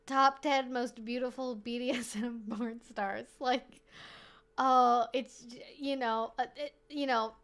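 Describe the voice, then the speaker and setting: Brief: woman streamer, high voice, loose and animated, rambles and swears freely. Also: takes it slowly. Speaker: streamer host. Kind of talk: casual live-stream chat.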